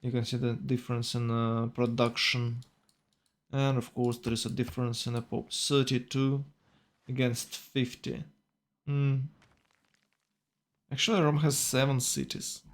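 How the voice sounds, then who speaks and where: A man's voice: medium pitch, little pitch movement, measured pace, pauses often. A man commentating a strategy game tournament, thinking aloud with hesitations and self-corrections.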